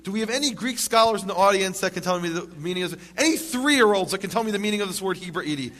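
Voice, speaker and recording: A man's voice: high-pitched, expressive, a little fast, fairly bright tone. A man giving a lecture to a live audience, emphatic, asking rhetorical questions and making wry jokes.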